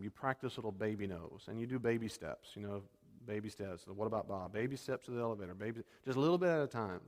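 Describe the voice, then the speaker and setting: A male pastor preaching a sermon in a conversational, animated way, acting out bits of dialogue. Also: medium pitch, in a large hall.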